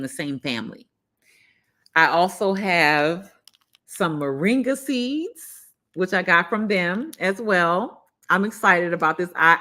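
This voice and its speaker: A woman's voice: low-pitched, fairly bright tone. A woman with a Southern US accent hosting a live gardening stream, chatty and openly emotional, with frequent "you know" fillers. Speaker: gardening channel host.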